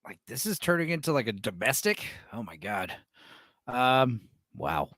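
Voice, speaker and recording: A man in his late thirties hosting a live stream and reacting with profane, animated commentary. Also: mid-range voice, moderate pace, no room sound, clean studio sound. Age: 30s. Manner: animated, profane, laughs often. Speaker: streamer host.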